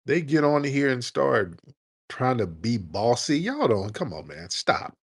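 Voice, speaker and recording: A man's voice: medium pitch, sing-song, measured pace, husky. A man from the United States hosting a call-in radio show, scolding callers in a blunt, confrontational way. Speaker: host taking callers.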